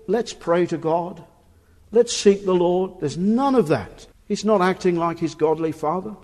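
A male preacher delivering a sermon with earnest emphasis, pressing his listeners with rhetorical questions. His voice sits a little high for a man and rings out in the long reverb of a church hall. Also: a little mellow.

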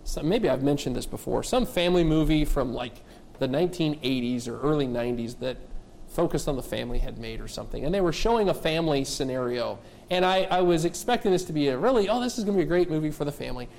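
Emphatic high-voiced male pastor preaching. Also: lively intonation, fast talker, creaky, darkish tone, a little hiss or hum. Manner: emphatic, rhetorical questions to the congregation; addresses kids and adults directly. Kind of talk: sermon.

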